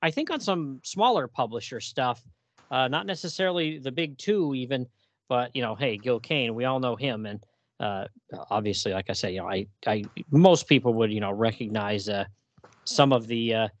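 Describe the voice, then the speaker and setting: A man's voice: medium pitch, normal speed, no echo. A man co-hosting a podcast, chatting casually and animatedly with lots of fillers and laughter. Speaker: podcast co-host. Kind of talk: casual chat about comics.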